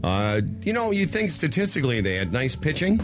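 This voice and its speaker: A man's voice: fairly high pitch, big pitch swings, a little fast, over music. A man hosting a radio talk show, chatting loosely and rambling between topics.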